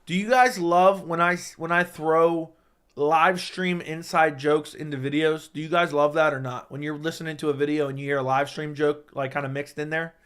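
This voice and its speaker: A man hosting a casual livestream, reading viewer questions out loud and answering them in a chatty, joking way. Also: on the high side, steady tone, moderate pace, smooth. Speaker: livestream host.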